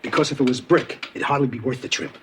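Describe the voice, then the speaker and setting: An actor playing a wisecracking, exasperated prison guard in a TV sitcom. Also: male voice, mid-range voice, quick pace, very noisy, lightly acted. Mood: sarcastic. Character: sarcastic male prison guard. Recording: sitcom with loud audience laughter.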